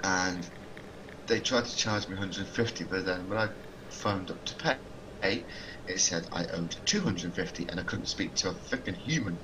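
A man's voice: low voice, normal speed, noisy background. A man joining a live stream as a guest, chatting casually and laughing easily. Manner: laid-back, laughs easily. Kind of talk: casual chat.

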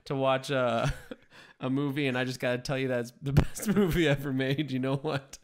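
A young man co-hosting a podcast in casual chat, chatty and quick to laugh. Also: mid-range voice. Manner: laughs often, chatty and excitable. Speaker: podcast co-host.

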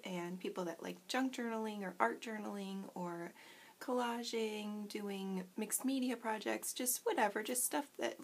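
Woman, casual craft vlogger, fry-tinged voice, self-mocking and giggly, slight mouthful from a cough drop. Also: medium pitch. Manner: chatty and self-deprecating, giggles often, many ums. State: talking around a cough drop. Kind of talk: casual craft tutorial chat. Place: home at night, indoors.

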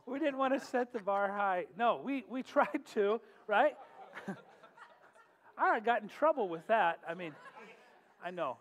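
Middle-aged man, pastor host, high-pitched, casual and joking, echoey church with faint music. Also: animated, slow pace, long pauses, fairly bright tone. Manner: joking, chatty, laughs often. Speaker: pastor hosting a worship night. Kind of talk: casual humorous talk and prayer. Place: church sanctuary. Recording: long hall reverb, faint music.

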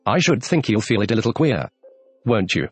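A man's voice: fairly low pitch, big pitch swings, fairly quick, husky, faint music behind. A man voicing a polite, earnest young girl who is puzzled.

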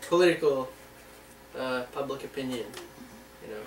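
A man's voice: mid-range voice, normal speed. A man bantering playfully with his mother at home, rambling from one joke to the next. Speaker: son in a family vlog. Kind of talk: casual family banter. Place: home kitchen. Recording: echoey room, distant voice, faint hum.

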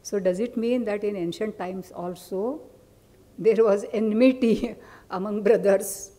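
A woman lecturer with an Indian English accent and a Marathi mother tongue, teaching in a soft, mellow voice. She explains patiently, pausing to ask her listeners questions. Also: medium pitch. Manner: explanatory, with asides and questions to the audience. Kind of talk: academic lecture.

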